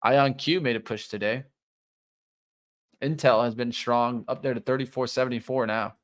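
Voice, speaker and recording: A man's voice: mid-range voice, steady tone, moderate pace. A man co-hosting a live trading show, giving running play-by-play of price moves and his trades. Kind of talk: live market commentary.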